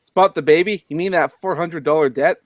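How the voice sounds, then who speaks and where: A man's voice: fairly high pitch, brisk, no echo. A man with a Newfoundland accent on a casual podcast call, sarcastic and full of swearing. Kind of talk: casual group call chat.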